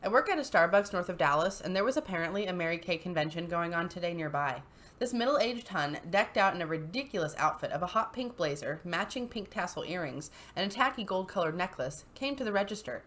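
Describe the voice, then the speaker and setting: A woman's voice: on the low side, expressive, a little fast, fairly bright tone. A woman hosting casual commentary on online posts, chatty and giggly, with lots of fillers. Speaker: channel host.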